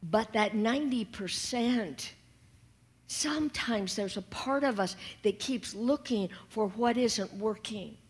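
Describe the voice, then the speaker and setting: A woman minister preaching a sermon, talking softly and slowly and sometimes dropping to a whisper. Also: mid-range voice, husky. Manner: soft and slow, dropping to whispers.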